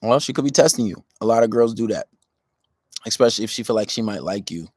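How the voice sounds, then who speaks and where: A man's voice: lively intonation, darkish tone, no echo, studio quality. A man hosting a casual podcast, answering listener questions about dating in a laid-back, rambling way. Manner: laid-back, rambling, low-key and unhurried. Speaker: podcast host.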